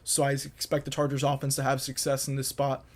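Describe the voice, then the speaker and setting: A young man talks alone on his podcast, laying out football predictions with firm, emphatic conviction and repeating points to drive them home. His pitch sits at an ordinary middle height and barely moves, giving the delivery a level, monotone feel. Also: fairly quick. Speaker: podcast host. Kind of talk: solo sports picks monologue.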